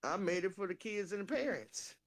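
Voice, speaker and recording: A woman co-hosting a casual chat, telling animated, profane stories and laughing through them. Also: mid-range voice, a little fast.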